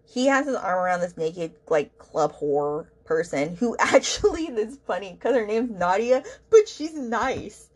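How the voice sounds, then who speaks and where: A woman's voice: medium pitch, animated, moderate pace, hardly any pauses. A woman hosting a book podcast, ranting casually in an exasperated, rambling way with lots of fillers.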